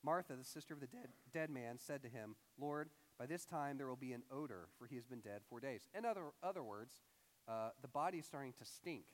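A young man preaching a casual, conversational sermon as a pastor, animated and acting out quoted voices. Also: medium pitch, a little fast, in a large hall.

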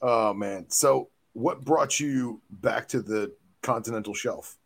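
A man's voice: mid-range voice, slow, vocal fry, husky. A man co-hosting a podcast, asking casual follow-up questions in a laid-back way. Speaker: podcast co-host. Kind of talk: casual interview chat.

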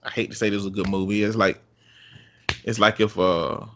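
Man, casual co-host; bright, relaxed, rambling delivery. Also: on the low side, brisk, a little hiss or hum. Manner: laid-back, rambling, lots of fillers. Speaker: podcast co-host. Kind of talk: casual chat.

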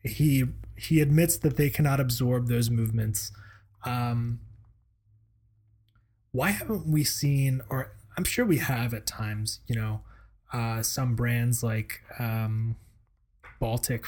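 A man's voice: medium pitch, takes it slowly, darkish tone. A man hosting a casual chat, rambling with many hesitations and laughing often. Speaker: podcast host.

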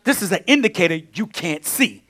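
A man preaching a sermon to his congregation. His voice sits high and swoops widely, jumping from loud outbursts to hushed, near-whispered asides. He keeps turning to the room, calling on everyone and repeating his key lines. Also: expressive, moderate pace. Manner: preaching with sudden swings between loud exclamations and hushed asides; addresses the congregation as y'all, repeats phrases. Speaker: pastor.

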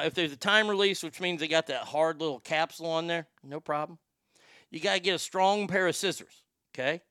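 Bright crude-talking male host. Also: fairly high pitch, smooth, no room sound, clean studio sound. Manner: crude, rambling, stammers and repeats words. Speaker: show host. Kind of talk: profane comedic rant.

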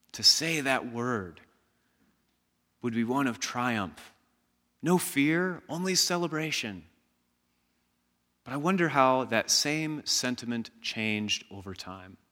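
A man preaching a sermon as pastor, slow and emphatic, leading the congregation in call-and-response shouts. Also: medium pitch, long reverb tail.

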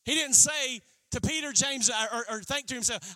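A man pastor preaching a sermon, acting out quotes in an animated way. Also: very high-pitched, normal speed, no echo. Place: church.

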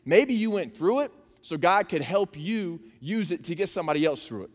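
A man's voice: sits high, moderate pace. Man preaching in a reverberant hall. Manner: animated, folksy preaching with storytelling. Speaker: pastor. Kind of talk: sermon.

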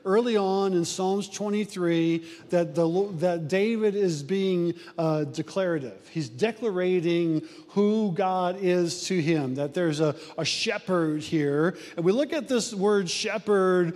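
A man's voice: high voice, measured pace, few pauses, darkish tone, big-room sound. A man preaching a sermon as pastor, in a conversational way with frequent fillers and restarts.

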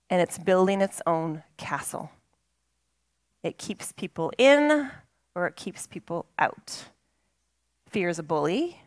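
A woman pastor delivering a sermon, slow and emphatic, with dramatic pauses. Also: fairly low pitch, gravelly.

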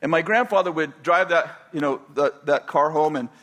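A man's voice: a little high, moderate pace, a bit bright. An older man from California telling a personal story in a rambling way, with many restarts and chuckles. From California, USA.

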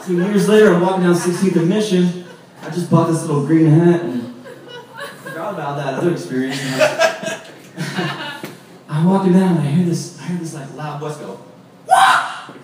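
Guy spinning a yarn on stage, bit high voice, super echoey and far from the mic. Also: steady tone, normal speed. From San Francisco, USA. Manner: casual, chatty, laughing asides. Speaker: storyteller. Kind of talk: live storytelling. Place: stage with monitors. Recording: echoey live room from far off, noisy.

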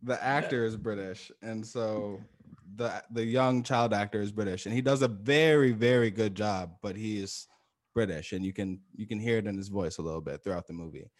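Low-voiced man in loose podcast chat. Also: normal speed. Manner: loose, profane, repeats himself for emphasis, laughs often. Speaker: podcast co-host. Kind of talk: casual chat.

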